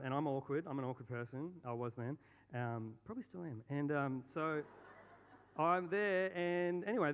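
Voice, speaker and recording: A man's voice: medium pitch, clear, resonant tone. Young Australian man, self-deprecating storyteller on stage, reverberant hall. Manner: rambling and self-deprecating, with many fillers and restarts. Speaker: speaker.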